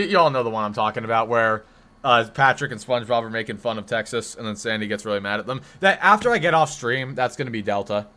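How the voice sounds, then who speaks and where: Casually chatting on a live stream, a man from the northeastern US rambles, corrects himself, and reacts to what viewers write in chat. He has a bright, forward voice in the mid range.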